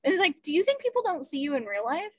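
A woman podcast host chatting casually, expressive and quick to laugh. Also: sits high, background noise. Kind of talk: casual chat.

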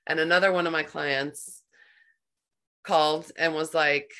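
A woman hosting a podcast, telling a personal story in a rambling, animated way, full of "like". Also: low voice, a little slow. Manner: rambling, heavy use of "like", animated retelling. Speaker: podcast host. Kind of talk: conversational storytelling.

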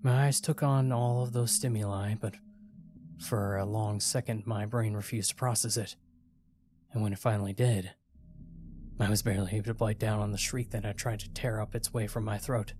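A man's voice: lowish voice, fairly even intonation, normal speed, noisy background. A man narrating a first-person horror story in a tense, dramatic way.

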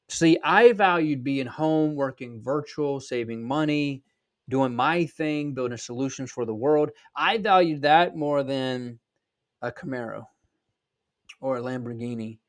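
A man in his thirties with a Southern accent talks through a casual podcast monologue. His voice sits at an everyday middle pitch, and his manner is blunt and emphatic, with frequent ums and restarts. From South Georgia, USA. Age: 30s. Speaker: podcast host and sales trainer.

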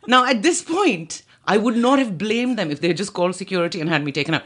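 A woman guest on a podcast, telling a story in casual chat, animated and laughing, acting out other people's lines. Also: medium pitch, a little fast, breathy edge.

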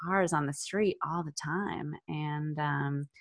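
A woman's voice: low voice, slow pace. A woman co-hosting a podcast in casual chat, a teacher who laughs often and talks in long rambling stretches. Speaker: podcast co-host.

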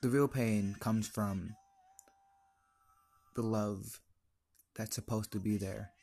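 A man's voice: lowish voice, fairly even intonation, takes it slowly, vocal fry, mellow, slightly rough. A teenage boy hosting his own podcast, telling a personal story in an earnest, emotional, confiding way. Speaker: podcast host.

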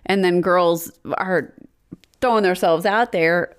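A woman's voice: lowish voice, slow, clean tone. Casual co-host, woman, blunt, laughs a lot, curses easily. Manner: blunt, giggly, swears freely. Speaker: podcast co-host. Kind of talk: casual chat.

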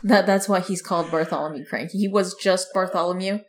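A young woman co-hosting a laid-back podcast conversation. She speaks in a somewhat low voice and tosses in dry, joking remarks. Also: fairly even intonation, fairly quick, background noise. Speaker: podcast co-host. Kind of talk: casual chat.

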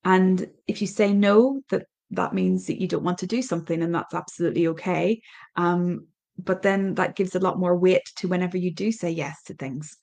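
A middle-aged Irish woman hosting a parenting podcast, talking in a thoughtful, hesitant way with many pauses and restarts. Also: on the low side, steady tone, vocal fry, darkish tone. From Ireland. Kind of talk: reflective solo podcast talk.

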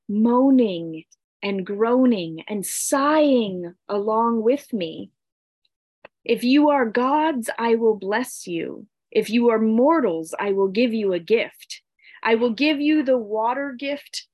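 A woman voicing a goddess queen of the underworld who moans in pain and speaks grandly, in a slow storytelling read. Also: a little high, a little mellow, no room sound. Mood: imperious. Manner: pained drawn-out moans, then grand offers.

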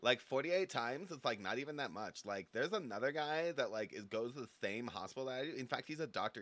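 Brief: man, ditzy and gushing, very lively pitch, bright edge, dry close sound. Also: a little fast, few pauses. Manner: ditzy, "like"-filled valley-style chatter. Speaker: talk show guest. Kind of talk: improvised comedy bit.

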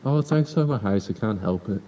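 A teenage man co-hosting a podcast, talking in a dry, deadpan way in a casual chat. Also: fairly quick. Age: teens. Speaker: podcast co-host. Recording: distant mic with faint rumble.

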